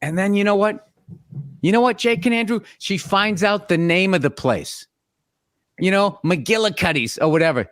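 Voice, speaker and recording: Speaking at a normal pace in a high, slightly bright voice, this middle-aged man hosts a podcast and vents through a profane, comic tale about his wife.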